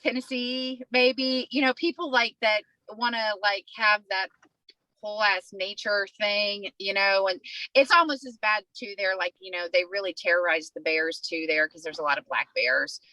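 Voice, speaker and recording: Brief: woman, animated profane storyteller, bright tone, dry sound. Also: mid-range voice, moderate pace, dry recording, poor audio. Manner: animated, profane, acts out voices while telling a story. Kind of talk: casual storytelling chat.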